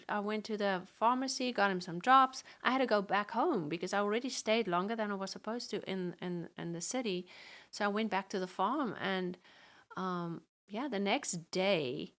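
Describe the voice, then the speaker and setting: A middle-aged woman shares a family story as a testimony, taking on the quoted lines of each person as she speaks. Her voice sits at an ordinary middle pitch. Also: fairly bright tone. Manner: acts out quoted dialogue in the story. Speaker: guest sharing a testimony.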